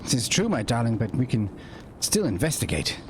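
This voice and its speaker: A man playing a posh, excitable news reporter with a radio-presenter voice, calling his partner "my darling" in a role-play game. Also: medium pitch, a little fast, slight background noise, natural voice.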